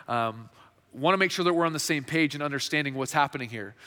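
This pastor's voice is a little high, fast, pushed, and bright. He delivers his sermon in a conversational manner, full of fillers and frequent sentence restarts, and the sound carries the reverb of a large hall.

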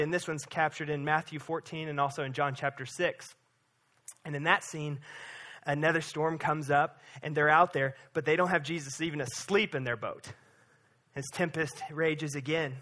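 A man preaching a sermon as pastor, reading scripture and then retelling stories in an animated, conversational way with frequent check-ins to the congregation. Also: medium pitch. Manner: animated storytelling, acts out disciples' voices.

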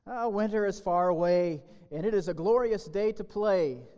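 Man doing a light, playful storybook grasshopper, high voice, long church echo. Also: normal speed, a little mellow, natural voice. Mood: teasing. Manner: teasing, carefree. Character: carefree playful grasshopper, male.

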